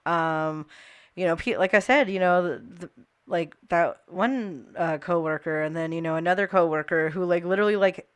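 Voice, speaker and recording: A young woman from the Midwest, speaking as an interview guest in a passionate, halting way with many fillers. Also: fairly low pitch, smooth. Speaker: interview guest, cannabis and labor advocate. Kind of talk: casual conversational interview.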